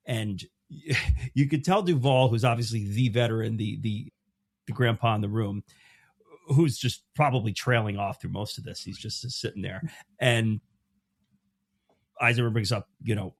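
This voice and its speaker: A man's voice: fairly low pitch, a little slow, no echo. A man as a podcast guest, telling stories in casual chat with many restarts and acting out the people he quotes. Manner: animated storytelling with many restarts; acts out quoted voices.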